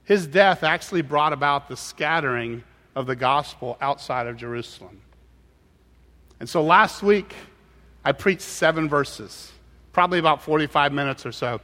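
A man preaching a sermon, telling a story in an animated way with frequent halting restarts. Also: fairly high pitch. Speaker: pastor. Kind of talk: sermon with personal anecdote. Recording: hall with long reverb.

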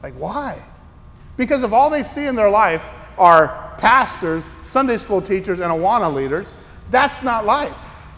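A man preaching a sermon as a pastor, telling stories in an animated, incredulous way. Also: high-pitched, measured pace. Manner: animated, incredulous storytelling with rising exclamations. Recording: long reverb of a large hall.

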